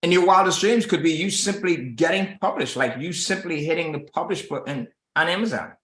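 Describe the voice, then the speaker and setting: A man's voice: on the high side, fairly quick, fairly bright tone. A man hosting a casual business call, coaching listeners and acting out the people he quotes. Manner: coaching tone, acts out quoted voices, says "right?" often. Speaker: host of a publishing business call. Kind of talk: casual motivational chat. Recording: roomy echo.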